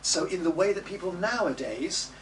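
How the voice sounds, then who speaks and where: Animated guy coaching a singing class, fairly high voice, sings bits, far off mic in a noisy room. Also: normal speed. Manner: lively, coaxing, demonstrates by singing phrases. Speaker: music teacher. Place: classroom or studio. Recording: distant mic with background noise.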